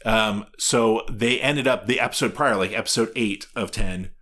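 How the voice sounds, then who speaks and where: A man co-hosting a casual chat, recounting a reality show in a soft, rambling way. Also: fairly low pitch, moderate pace. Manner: rambling, soft-spoken, frequent restarts. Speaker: podcast co-host.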